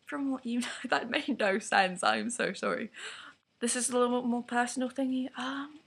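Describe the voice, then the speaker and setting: A woman's voice: a little high, fairly even intonation, moderate pace, creaky, fairly bright tone, breathy edge. A teenage girl with an English accent, ranting frankly to camera in a rambling vlog with whispered asides. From England. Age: teens. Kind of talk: candid vlog rant to camera.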